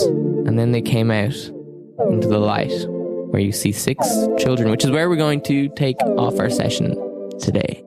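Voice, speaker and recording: A man acting as game master, giving a slow, measured recap of the story with dramatic pauses. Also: on the low side. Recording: loud music under the voice.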